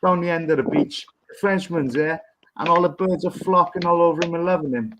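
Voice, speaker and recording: A man's voice: on the high side, fairly quick, noisy background. A man with an English accent, co-hosting a casual chat and telling rambling jokes, swearing freely. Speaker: podcast co-host. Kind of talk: casual pub-style banter, telling jokes.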